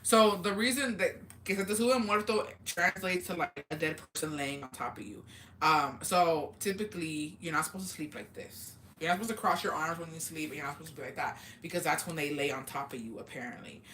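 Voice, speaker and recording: A woman with a low voice hosts a casual livestream, talking fairly quickly over slight background noise. She reads viewer comments and tells stories animatedly, full of fillers, swearing freely and laughing often.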